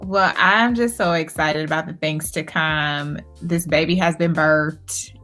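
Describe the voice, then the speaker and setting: A woman's voice: low voice, steady tone, unhurried, a bit bright, faint music behind. A woman hosting an interview in an upbeat, encouraging way, often affirming her guest. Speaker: host. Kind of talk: casual interview chat.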